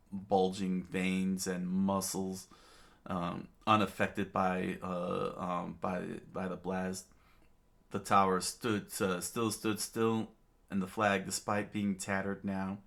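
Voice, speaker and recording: A man reading a comic aloud in a relaxed, casual way, stumbling over words and restarting often. His voice is low and his pace slow. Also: gravelly. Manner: halting, many fillers and restarts, chuckles. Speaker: reader of a comic.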